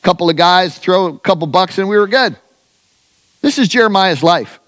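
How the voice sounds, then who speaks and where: A man preaching a sermon as pastor, animated, swinging between loud emphatic highs and hushed, conversational lows, with casual asides and restarts. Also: moderate pace.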